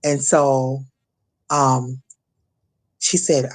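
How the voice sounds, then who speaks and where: A middle-aged woman from Maryland giving an emotional personal testimony as an interview guest, halting, repeating words and acting out what others said. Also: rumbling low, darkish tone. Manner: halting, repeats words, acts out quoted voices. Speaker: guest, shooting survivor.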